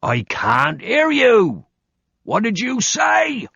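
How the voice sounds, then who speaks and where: A man voicing a male ship's bosun who barks orders in a loud, drawn-out shout, on slightly muffled audio. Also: extremely high pitch, huge pitch swings, vocal fry, slightly rough, no room sound, pitched above the performer's own voice, heavily acted. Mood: bellowing.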